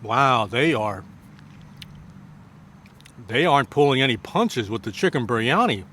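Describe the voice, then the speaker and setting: A man giving a casual food review to camera, effusive and full of drawn-out exclamations, with halting restarts between bites. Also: mid-range voice, very animated, a bit bright, slight background noise. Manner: effusive, many drawn-out exclamations while tasting. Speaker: food vlogger.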